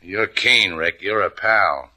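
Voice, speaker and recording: A man's voice: low voice, takes it slowly, sharp tone, exaggerated voice. A dry, wisecracking tough guy. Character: tough wisecracking boat owner, blunt. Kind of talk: 1950s radio drama acting.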